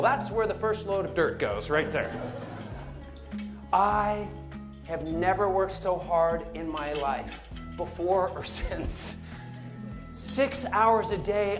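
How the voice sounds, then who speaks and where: A man giving a storytelling speech, animated and humorous, with asides to the audience. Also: sits high. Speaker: motivational speaker. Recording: roomy hall with music behind.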